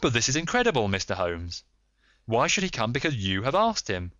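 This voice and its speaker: A man's voice: mid-range voice, huge pitch swings, fairly quick, a bit bright, no room sound, lo-fi sound. A man reading a doubtful police inspector who questions everything with incredulity. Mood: incredulous.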